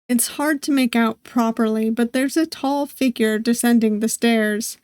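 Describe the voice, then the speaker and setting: A woman streamer reading a visual novel aloud, with steady narration and playful asides. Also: a little high, clean tone, no room sound, studio quality. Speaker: gaming streamer.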